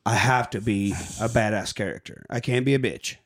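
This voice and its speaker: A man's voice: fairly low pitch, a little fast. A man on a podcast, casually recapping a film's plot, acting out the characters' lines. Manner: animated retelling with acted-out lines, swearing. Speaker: podcast host. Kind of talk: casual movie recap chat.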